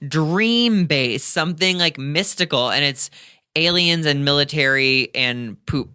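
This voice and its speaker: A man appearing as a podcast guest, chatting casually in an excitable, joking way. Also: fairly high pitch, unhurried, smooth. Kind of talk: casual chat.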